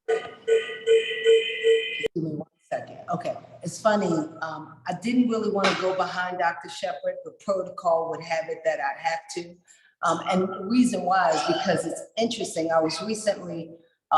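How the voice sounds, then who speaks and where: Woman in her 40s, passionate and animated storyteller, voice echoing in the room. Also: on the low side, a little hiss or hum. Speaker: summit speaker. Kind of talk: storytelling remarks at a virtual summit. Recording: echoey room.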